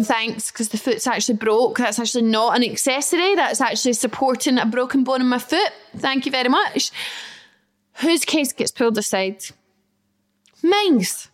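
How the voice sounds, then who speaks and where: A young woman in her twenties hosting a podcast from her flat, telling a story in a chatty, self-deprecating way. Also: a little high. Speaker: podcast host. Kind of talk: casual storytelling monologue.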